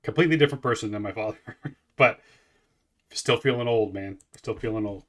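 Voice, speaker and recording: A man's voice: lowish voice, a little fast, fairly bright tone. A man in his forties hosting a music reaction, rambling casually with lots of swearing and restarts. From Canada. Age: 40s. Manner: rambling, profane, many restarts.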